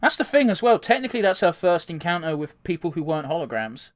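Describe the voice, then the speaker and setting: Young male podcast co-host, high-pitched, excitable and profane, casual chat. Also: fast. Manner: excitable, swears freely, laughs often.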